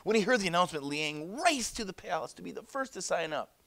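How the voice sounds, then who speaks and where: Animated male teacher reading aloud. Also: high-pitched, quick pace, gravelly. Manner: animated, chatty asides. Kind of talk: classroom read-aloud and lesson.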